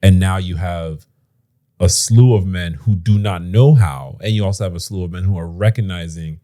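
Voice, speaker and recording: Co-hosting a podcast from home on a podcast mic, a man chats casually and animatedly, using slang and imitating voices. His voice sits low and warm at a normal pace.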